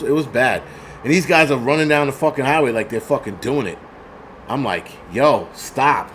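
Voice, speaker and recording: A man hosting a livestream, telling a story in a profane, animated rant and thanking viewers. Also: fairly high pitch, a little hiss or hum. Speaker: host.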